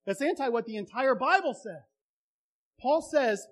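A pastor delivering a sermon in an unusually high voice for a man. He speaks to his congregation in a plain, conversational way, then presses his points with fervent intensity. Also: expressive, a little slow, fairly bright tone. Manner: impassioned, conversational preaching.

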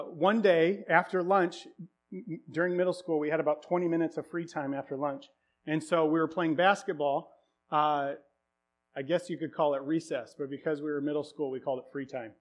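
A man's voice: high voice, a bit bright. A man preaching a sermon through a self-deprecating personal story, casual and full of fillers.

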